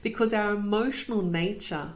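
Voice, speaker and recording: Recounting her own experience, a woman podcast host speaks in a mid-range voice at a moderate pace. She is earnest and reflective, and she repeats phrases to stress them.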